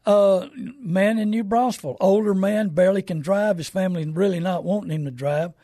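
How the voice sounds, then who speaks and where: An older man with a drawl hosts a call-in radio show about cars, rambling and selling in a folksy way. His voice sits high and a little husky. It is recorded dry and close. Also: moderate pace, mellow, dry recording. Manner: folksy, rambling, salesman's pitch. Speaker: radio show host and car dealer. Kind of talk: casual call-in radio talk with plugs.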